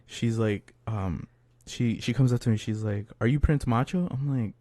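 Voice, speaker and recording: A man co-hosting a podcast, telling a story loudly and excitedly with crude slang and bursts of laughter. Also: medium pitch, moderate pace, a little hiss or hum. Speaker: podcast co-host. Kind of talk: casual storytelling among friends.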